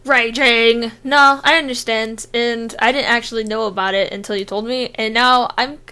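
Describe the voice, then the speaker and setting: A woman's voice: fairly high pitch, fairly even intonation, moderate pace, pushed and bright, clean tone. A woman co-hosting a casual gaming podcast remotely, giggly and playful. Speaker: podcast co-host. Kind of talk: casual chat. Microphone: remote call, own mic.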